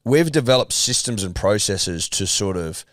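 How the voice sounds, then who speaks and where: A laddish man co-hosts a sports podcast in a mock-earnest, sweary way. His voice is low and sits close to a dry studio mic. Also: lively intonation, normal speed, no echo. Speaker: podcast co-host. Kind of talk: casual chat.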